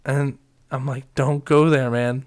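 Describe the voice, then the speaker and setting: A young man casually telling a story, swearing often and loudly acting out his friends' lines. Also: medium pitch, little pitch movement, unhurried, smooth. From Reading, Pennsylvania.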